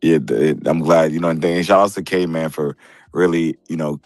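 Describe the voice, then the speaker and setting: Deep-voiced man hosting a group chat. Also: fairly even intonation, brisk, a little mellow, dry recording, soft background music. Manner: defensive, moderating the room. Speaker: host.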